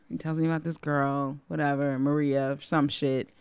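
A woman telling a personal story in casual chat, animated and profane, acting out the lines of the people in it. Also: low-pitched, brisk, clean tone, no echo. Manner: animated, profane, acts out quoted dialogue.

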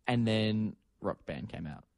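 A young man chats as a podcast guest in a goofy, rambling way, laughing between thoughts. His voice moves lively through its pitch. It is recorded close and dry. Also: unhurried, no room sound. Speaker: guest, drummer. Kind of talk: casual chat.

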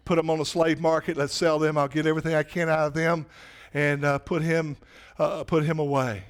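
A man's voice: fairly high pitch, little pitch movement, a little fast, natural voice. A man voicing a stern, powerful king who settles debts, speaking in blunt commands. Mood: harsh.

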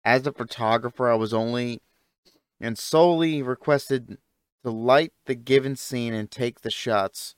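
Casting: male podcast co-host, smooth, clear voice, dry close sound, blunt and indignant. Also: mid-range voice, unhurried, dry recording. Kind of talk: casual chat.

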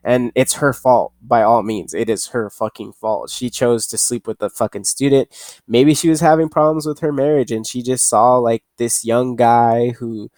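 A man's voice: mid-range voice, darkish tone, dry recording. Rambling, profane young man podcaster. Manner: rambling, profane, laughs at himself, reads haltingly. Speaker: podcast host. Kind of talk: casual rambling commentary.

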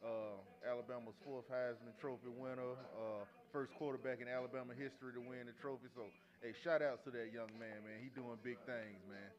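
A man in a casual sports podcast chat, enthusiastic and quick with shout-outs. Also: medium pitch, fairly even intonation, lo-fi sound.

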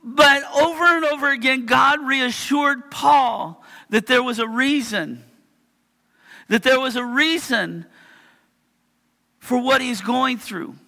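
A man in his forties delivers an animated sermon in a church, his very high voice bright and gravelly. He acts out the story with sudden shouts, and a long hall reverb trails every line. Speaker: pastor. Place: church sanctuary.

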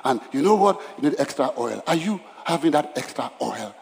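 A man's voice: a little high, lively intonation, fairly quick, gravelly, darkish tone. A male pastor preaching a dramatic sermon at a church service, repeating lines for emphasis and acting out scenes. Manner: dramatic, acts out Bible scenes in voices; emphatic repetition. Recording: long hall reverb.

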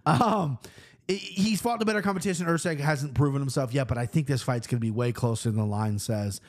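A man hosting a fight-betting show, talking in a rambling, profane, animated way. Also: mid-range voice, a little fast. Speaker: host of a fight-picks show. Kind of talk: casual betting chat.

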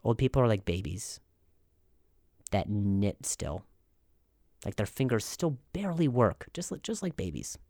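A man hosting a comedy podcast, delivering an animated, mock-serious monologue full of stammers and restarts. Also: on the low side, a little slow, pauses often, no echo, clean studio sound. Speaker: podcast host.

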